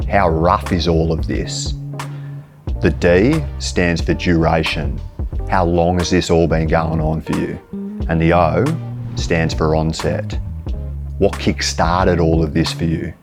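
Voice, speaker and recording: Australian male presenter, very low voice, calm and plain-spoken, faint music bed underneath. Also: slow. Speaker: mental health presenter. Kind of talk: direct-to-camera advice talk.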